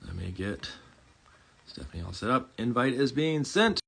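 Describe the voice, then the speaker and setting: A man's voice: medium pitch, very animated, moderate pace, vocal fry, fairly bright tone, breathy edge, low-quality recording. A man with a Midwestern American accent hosting a casual livestream chat, rambling and correcting himself with jokes. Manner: rambling, self-correcting, jokey. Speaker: host.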